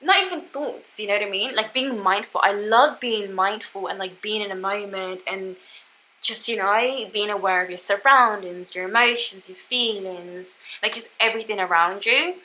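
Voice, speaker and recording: A woman's voice: medium pitch, moderate pace, sharp tone, a little hiss or hum, rough recording. A young woman vlogging about solo travel in a casual, reflective chat, talking with lots of "like" and "you know what I mean". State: tearful, emotional.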